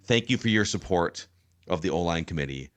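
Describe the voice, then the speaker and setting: A man hosting a sports podcast, steering the talk in a brisk, organized way. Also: low voice, expressive, no echo. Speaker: podcast host.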